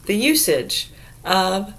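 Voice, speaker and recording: A woman's voice: mid-range voice, sing-song, slow, fairly bright tone. A woman in a casual vlog who reads definitions aloud and riffs on them sarcastically, swearing freely. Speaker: vlogger. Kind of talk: casual musing monologue.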